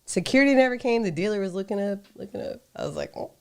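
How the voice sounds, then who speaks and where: A woman's voice: medium pitch, lively intonation, fast, smooth. A woman guest on a podcast, telling a story casually and animatedly, laughing often.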